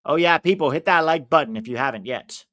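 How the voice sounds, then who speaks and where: An American man commenting casually on a live football match for his stream viewers, reacting loudly to big moments. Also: fairly high pitch, brisk. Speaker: watch-along streamer.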